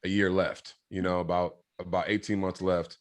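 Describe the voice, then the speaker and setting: A man's voice: low-pitched, flat delivery, moderate pace. A man being interviewed, telling his life story in a casual, earnest way, rambling with many fillers and restarts. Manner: reflective, earnest. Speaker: interview guest.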